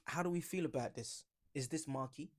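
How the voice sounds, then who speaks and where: A man's voice: on the high side, fairly quick. A man vlogging about football in a laid-back, joking way, rambling with slang and fillers. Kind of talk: casual reaction vlog.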